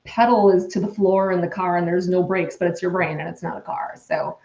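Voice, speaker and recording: A woman's voice: lowish voice, steady tone, a little fast, a little mellow. A woman in her forties, a podcast guest telling a personal story in an earnest, rambling way with many restarts. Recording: dull, roomy-sounding remote recording.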